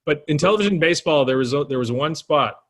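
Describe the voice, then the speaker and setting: A man's voice: a little high, animated, fast talker, a bit bright. A man co-hosting a casual podcast, playful and teasing as he moves the segments along. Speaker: podcast co-host.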